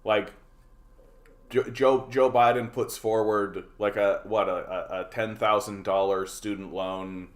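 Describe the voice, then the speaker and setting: A man's voice: lowish voice, steady tone, unhurried. A Canadian man hosting a political livestream, ranting sarcastically and repeating words as he goes. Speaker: livestream host.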